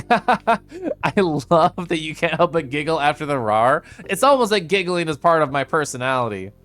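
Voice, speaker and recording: A man streaming a casual chat with viewers, with playful sing-song intonation and drawn-out syllables, sometimes sinking into soft, quiet murmurs. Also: a little high, expressive, faint music behind. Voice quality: comfy, distinctive voice. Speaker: livestreamer.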